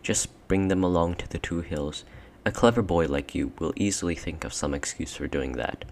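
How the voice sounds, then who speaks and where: A man's voice: low voice, moderate pace, a little mellow, a little hiss or hum. A man reading an audiobook, voicing a regal queen who coaxes and commands. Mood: coaxing. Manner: sweet-talking, persuasive, commanding. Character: cold, coaxing queen, tall and regal. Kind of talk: audiobook character voice.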